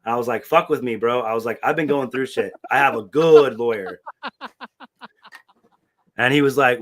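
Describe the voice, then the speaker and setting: A middle-aged man tells a story in casual podcast chat, animated and profane, putting on the voices of everyone in it. His voice sits at an ordinary middle pitch. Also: moderate pace, pauses often. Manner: animated, profane, acts out quoted dialogue. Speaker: podcast co-host.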